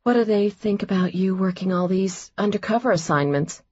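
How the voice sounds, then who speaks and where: A woman's voice: mid-range voice, moderate pace, darkish tone, lo-fi sound, close to an everyday voice. Woman voicing a teasing young businesswoman. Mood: playful. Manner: playful, teasing.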